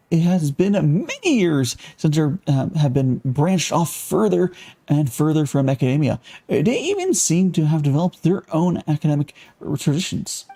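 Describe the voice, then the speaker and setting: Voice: mid-range voice, mellow. A live-streamer reading quest text aloud and stopping to react to viewer chat, with fillers and restarts.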